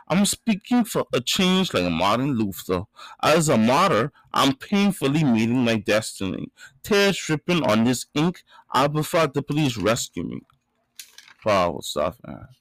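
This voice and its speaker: A man's voice: mid-range voice, no room sound, rough recording. Man reciting rhythmic poetry. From Bahamas. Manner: rhythmic, emphatic delivery with sudden loud rises. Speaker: spoken word poet. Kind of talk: reciting spoken word poetry and rap.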